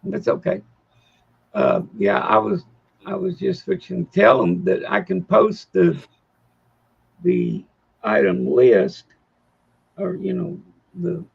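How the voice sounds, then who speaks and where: A man co-hosting a coin auction livestream, talking in a rambling, halting, folksy way. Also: sits high, vocal fry, slightly rough, highs cut off. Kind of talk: casual livestream chat.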